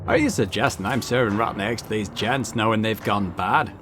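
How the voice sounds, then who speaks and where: A man's voice: fairly low pitch, brisk, a bit bright, soft background music, natural voice. A man voicing a prickly, defensive male pub barman in a video game. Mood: testy.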